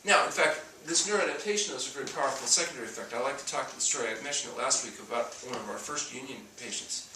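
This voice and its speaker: A man with a bright, forceful voice lectures an audience and slips into acted-out dialogue as he tells his stories. He is recorded from a distance in an echoey room, with faint ambience underneath. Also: mid-range voice, fast talker, few pauses, a little hiss or hum. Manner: storytelling, acts out dialogue. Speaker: doctor giving a talk on fasting. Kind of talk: talk to an audience.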